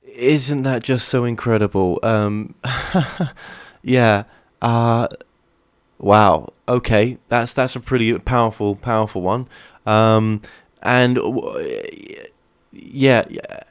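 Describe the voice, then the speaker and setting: A man hosting an interview, speaking haltingly with many restarts. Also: medium pitch, clear, resonant tone, dry recording. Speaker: host. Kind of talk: radio interview.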